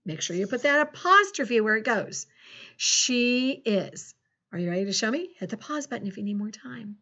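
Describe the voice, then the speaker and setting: A middle-aged woman teacher leading a recorded phonics lesson for young children, upbeat and encouraging, spelling words out slowly letter by letter. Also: a little high, lively intonation, pushed and bright, muffled recording.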